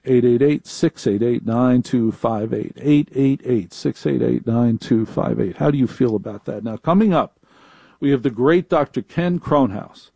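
A man hosting a live call-in talk radio show, talking in a chatty, wry way. His voice is mellow and warm, recorded close and dry with no room sound. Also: medium pitch, creaky, breathy edge, no echo. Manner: chatty, wry, repeats phone numbers. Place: home studio in a laundry room.

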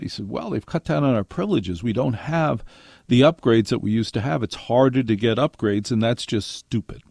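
Gravelly older male radio host. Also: mid-range voice, brisk, a little mellow, dry recording, clean studio sound. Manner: wry storytelling with acted quotes. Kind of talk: monologue to listeners.

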